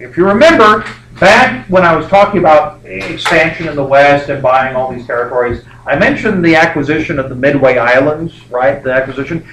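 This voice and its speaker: Picked up by a distant mic, a male history teacher with a voice on the high side and a fairly bright tone gives a meandering, jokey lecture full of fillers. The classroom sounds echoey, with a faint noise in the background.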